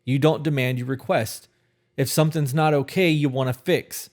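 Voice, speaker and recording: A man's voice: mid-range voice, fairly even intonation, normal speed, darkish tone. A man co-hosting a podcast in casual chat, blunt and emphatic with heavy swearing. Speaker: podcast co-host.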